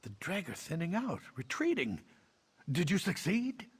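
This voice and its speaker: A husky wounded soldier. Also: male voice, sits high, huge pitch swings, measured pace, full character voice. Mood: relieved. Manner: urgent, commanding. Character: wounded male soldier defending a town. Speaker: game character.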